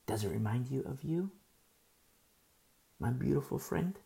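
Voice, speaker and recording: Her voice is very deep with vocal fry, and she keeps a measured pace. This middle-aged woman teaches Bible study informally, like a conversation, circling back to key phrases and stumbling over words when she gets excited.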